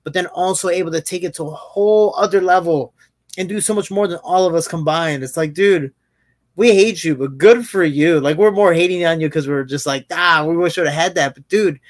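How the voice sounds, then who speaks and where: A man, a fighter and podcast host, telling stories in a casual chat, animated and swearing freely. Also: a little high, brisk, no echo. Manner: animated storyteller, swears freely, many restarts.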